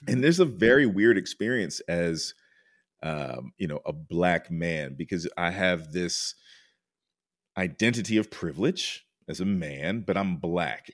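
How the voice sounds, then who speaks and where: A man speaking as a counselor in a candid interview, informal and rambling, often asking "right?" and getting loud and high when excited. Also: no room sound, clean studio sound. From United States. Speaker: counselor and podcast guest.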